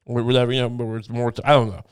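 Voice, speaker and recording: A man's voice: medium pitch, flat delivery, very fast, smooth. A young adult man hosting a podcast, rambling and cursing in casual comedic chat, laughing often. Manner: rambling, profane, laughs a lot. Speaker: podcast host.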